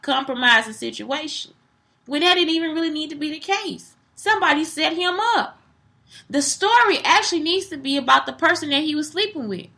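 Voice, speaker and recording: A young woman delivers a casual, blunt monologue, swearing freely and animated throughout. Her voice sits high and sounds bright and forward.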